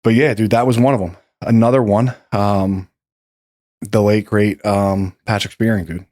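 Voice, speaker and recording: A man's voice: fairly low pitch, fairly even intonation, moderate pace, a little mellow, dry recording, clean studio sound. A man hosting a podcast, telling a story in a loose, rambling way and swearing freely. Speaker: podcast host. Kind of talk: casual storytelling chat.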